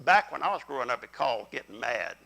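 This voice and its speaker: A man's voice: medium pitch, lively intonation, fast, gravelly, bright, forceful tone, low-quality recording. An older man preaching a sermon in church, in a folksy style, talking directly to the congregation. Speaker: pastor. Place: church sanctuary.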